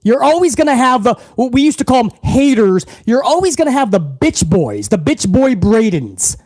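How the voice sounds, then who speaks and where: A man hosting a live wrestling talk stream, ranting loudly and swearing freely. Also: extremely high pitch, sing-song, moderate pace, no echo. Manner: brash, loud, swearing. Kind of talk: profane live-stream rant.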